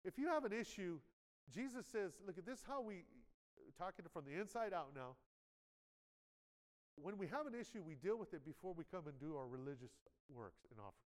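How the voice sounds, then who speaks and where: A man's voice: sits high, big pitch swings, a little fast. A male pastor preaching a conversational sermon, often asking "amen" and acting out quoted inner voices. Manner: conversational preaching with frequent "amen" and audience check-ins; acts out quoted inner voices with dramatic shifts in loudness. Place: church sanctuary. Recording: live sermon in a large reverberant church hall.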